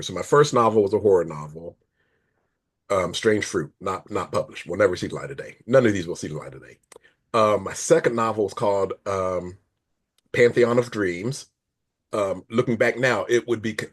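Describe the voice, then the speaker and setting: Rambling storytelling man, low voice. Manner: rambling, self-correcting, laughs while telling stories. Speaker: author guest. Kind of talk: casual interview storytelling.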